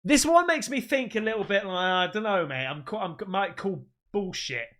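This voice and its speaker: A man, hosting a casual reaction video and commenting with animated, swearing banter. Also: high-pitched, normal speed. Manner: animated, swears often, says "mate". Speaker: reaction channel host.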